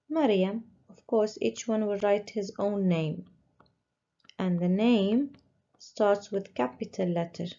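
A woman teacher slowly walking young pupils through a worksheet, patiently stressing each word. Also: medium pitch, gravelly, dark tone. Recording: dull lo-fi recording.

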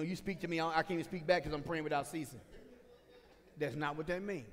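A man preaching a sermon as pastor, swinging from shouted points to chatty asides with the congregation. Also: a little high, animated, a little fast. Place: church sanctuary. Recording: reverberant church sanctuary.

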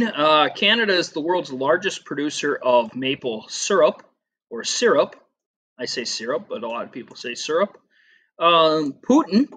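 A man's voice: a little high, fairly bright tone. A middle-aged man teaching a casual classroom lesson over slides, chatty and rambling with lots of fillers and asides.

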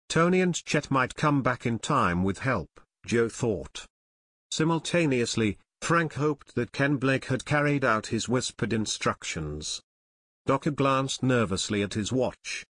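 A man reading an adventure audiobook in expressive, scripted narration. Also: mid-range voice, no echo.

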